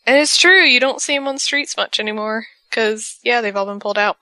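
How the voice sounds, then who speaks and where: A woman talks through a TV episode on a podcast, animated and chatty, slipping into quick character voices. Her tone is bright and forward. The recording is dry and close, with no room sound. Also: on the high side, no room sound. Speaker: podcast co-host recapping a TV episode. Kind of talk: casual recap chat.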